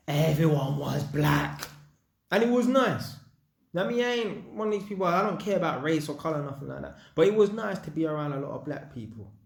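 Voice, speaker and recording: A young North London vlogger with a London accent tells stories to camera in slangy street talk, animated and acting out quoted voices. His voice is fairly high and creaky, recorded with a roomy sound and slight background noise.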